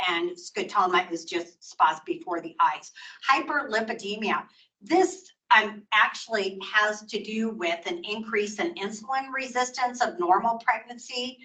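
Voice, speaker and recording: A woman's voice: mid-range voice, a bit bright, recorded from a distance, rough recording. An older woman teaching a continuing-education nursing lecture in a conversational way, acting out short patient quotes as she explains.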